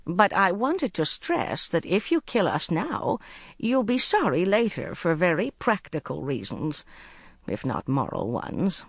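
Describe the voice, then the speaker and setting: An audiobook narrator reading the lines of a calm, stubborn elderly woman spy who speaks steadily. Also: on the low side, unhurried, creaky, no echo, clean studio sound, full character voice. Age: older.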